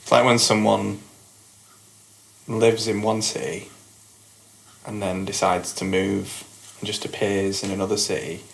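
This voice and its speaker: A man's voice: on the low side, little pitch movement, measured pace, gravelly, long pauses, slight background noise, low-quality recording. A man co-hosting a comedy podcast, riffing in dry, absurd free-association during casual chat. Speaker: podcast co-host.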